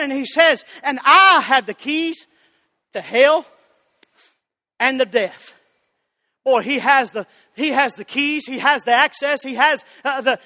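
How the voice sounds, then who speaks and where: A man preaching a fiery Baptist sermon, shouting and calling out to congregants by name. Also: extremely high pitch. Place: church sanctuary. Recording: church hall with long reverb.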